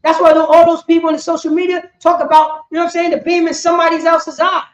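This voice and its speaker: A woman with a very high voice preaches a street sermon on scripture at a quick pace. She is animated and repetitive, often asking "you know what I'm saying". The recording sounds echoey, dull, and lo-fi.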